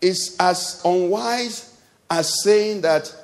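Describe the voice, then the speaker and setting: High-voiced Nigerian pastor preaching in a hall. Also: male voice, very slow. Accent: Nigerian English. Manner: conversational preaching with questions to the congregation. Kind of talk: sermon. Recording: long hall reverb.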